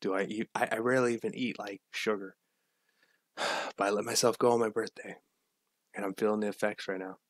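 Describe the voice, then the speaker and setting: A man's voice: lowish voice, fairly even intonation, a little fast, pauses often, dry recording. A man hosting a casual livestream, rambling with repeats and restarts and greeting viewers from the chat. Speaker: livestream host.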